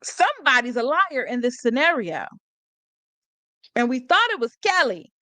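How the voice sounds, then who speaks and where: This livestream host is a woman discussing a court case with casual sarcasm, frequently laughing and reading out comments from chat. She has a high, sing-song voice with a sharp tone at a moderate pace, captured in a dry recording.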